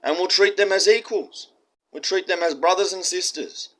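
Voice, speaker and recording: A man's voice: sits high, normal speed, pushed and bright. A man with an Australian accent delivering a heated, profane monologue with strong emphasis. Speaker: commentator.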